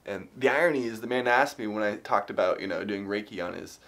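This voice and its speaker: A man telling a personal story to camera in a casual vlog. He rambles with many fillers and restarts and grows animated at the tense parts. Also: lowish voice, fast talker. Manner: animated when retelling tense moments. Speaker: vlogger.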